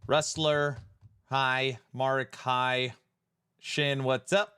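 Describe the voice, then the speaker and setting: A man hosts a casual live stream, joking around and greeting viewers one by one. He talks at an unhurried pace with a bright, crisp voice. The sound is dry and close, as from a desk microphone. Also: medium pitch, little pitch movement, no room sound.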